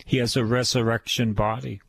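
Older male preacher, unhurried, emphatic, repetitive delivery; middle pitch, dry recording. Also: level tone, gravelly, husky, no echo. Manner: slow, emphatic preaching with repeated phrases. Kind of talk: sermon.

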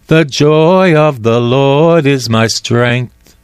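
A man's voice: mid-range voice, very slow, smooth, no room sound, studio quality. A man preaching a sermon, fervent and repetitive, quoting scripture and driving points home by repeating phrases.

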